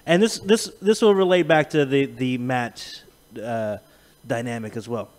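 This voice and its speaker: A man hosting a podcast, chatting casually and profanely, telling animated stories and laughing often. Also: mid-range voice, a little slow. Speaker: podcast host. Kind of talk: casual chat.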